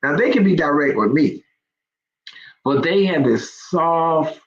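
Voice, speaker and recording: A woman's voice: sits low, animated, slow pace, muffled recording. A woman hosting a live faith talk for online listeners. She speaks conversationally with many ums and builds into emphatic exhortation.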